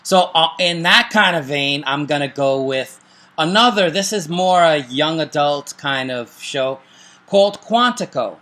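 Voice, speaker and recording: A man's voice: a little high, expressive, a little slow, pushed and bright. A middle-aged man co-hosting a casual chat and recommending TV shows, joking and making self-deprecating asides. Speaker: show co-host.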